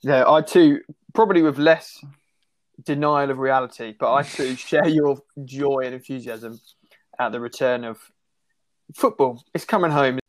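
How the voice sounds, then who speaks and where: Wry co-host, dry close sound. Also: male voice, medium pitch, measured pace, no echo. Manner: rambling, wry and enthusiastic. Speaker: podcast co-host. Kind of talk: casual chat.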